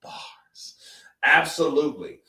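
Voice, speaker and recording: A man's voice: a little high, very animated, slow, creaky, pushed and bright, echoey room, far from the mic. A man hosting a casual live stream, talking in a loose, rambling, slangy way. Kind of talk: casual chat.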